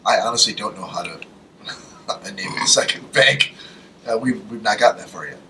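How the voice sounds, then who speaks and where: A man with a lowish but lively, bright voice tossing off dry wisecracks. He sits back from the mic, with faint background noise under him. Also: normal speed, distant mic, low-quality recording. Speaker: podcast host running the mixer. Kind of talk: casual chat.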